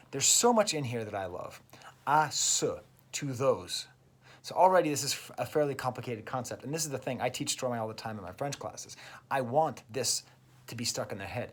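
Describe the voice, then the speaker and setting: A man's voice: medium pitch, fairly bright tone, breathy edge. A man, a French teacher, enthusiastically explaining song lyrics step by step in a casual video lesson. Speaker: French teacher and music reviewer.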